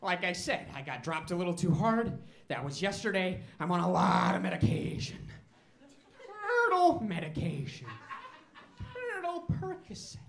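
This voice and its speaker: A shrill, giddy male turtle, as a man puts him on, rambling in a loud, bright voice that keeps swooping up and down. He sounds dazed and overmedicated, giggling through a comedy-stage bit. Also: sing-song, moderate pace, vocal fry, heavily acted.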